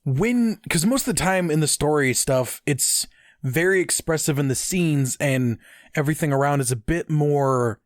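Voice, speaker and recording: Man, podcast co-host, fairly high voice, dry close mic, rambling casual chat. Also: normal speed, dry recording. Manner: rambling, animated, with filler words and restarts.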